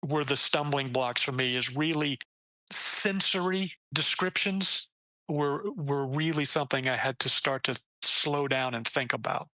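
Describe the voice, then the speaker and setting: A man, a debut author, chatting casually in an interview, animated and acting out quoted lines, swearing casually and restarting sentences. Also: unhurried, dry recording, low-quality recording. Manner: animated, acts out quoted lines with jumps in pitch.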